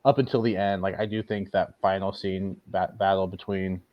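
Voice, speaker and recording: A man co-hosting a casual podcast chat, hesitant and thinking aloud with many pauses and fillers. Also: sits low, little pitch movement. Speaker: podcast co-host. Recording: dull lo-fi recording.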